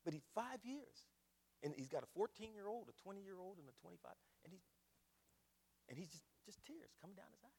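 A man preaching a sermon, dropping to hushed storytelling and rising to loud preaching. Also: sits high, lively intonation, fairly quick, breathy edge, in a large hall. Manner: folksy, addresses the congregation as y'all.

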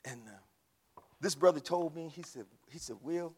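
A man preaching a sermon, swinging from hushed storytelling to shouted climaxes. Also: a little high, moderate pace. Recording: long reverb of a large hall.

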